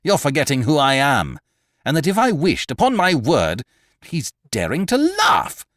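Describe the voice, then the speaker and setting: A man's voice: deep voice, big pitch swings, unhurried, no room sound, clean studio sound, full character voice. A man voicing a proud, wrathful master thief who mutters threats through his teeth in an audiobook reading. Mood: furious. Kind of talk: audiobook character voice.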